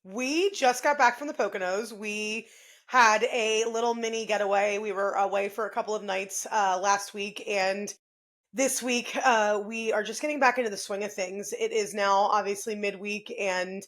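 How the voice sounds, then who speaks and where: A woman's voice: mid-range voice, fairly even intonation, normal speed, fairly bright tone. A woman in her thirties co-hosting a podcast, chatting in an upbeat way and laughing often. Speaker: podcast co-host. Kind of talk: casual podcast chat.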